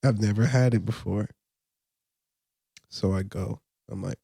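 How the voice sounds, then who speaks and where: A man's voice: lowish voice, steady tone, measured pace, creaky, pauses often, dark tone, slightly rough, dry recording. A man co-hosting a podcast, telling a story in casual chat with laid-back dry humor and slang. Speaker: podcast co-host.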